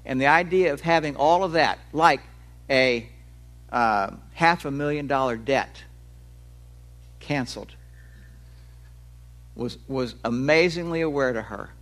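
A man's voice: medium pitch, a little slow, pauses often, fairly bright tone. A male preacher giving a sermon in a conversational way. He explains with everyday examples and stretches key words for emphasis.

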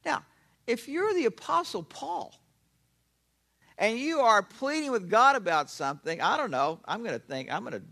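A man preaching a sermon, animated and emphatic, asking questions and answering them himself. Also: extremely high pitch, moderate pace, gravelly. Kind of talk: expository sermon.

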